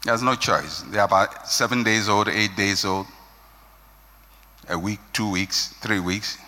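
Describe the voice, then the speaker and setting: A man's voice: fairly low pitch, measured pace, pushed and bright. A man preaching a sermon with an emphatic, rising and falling cadence. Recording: long hall reverb.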